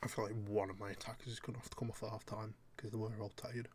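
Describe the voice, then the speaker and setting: A man's voice: on the low side, level tone, rapid-fire. A young man giving casual, jokey commentary while playing a game, muttering asides to himself. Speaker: gaming YouTuber.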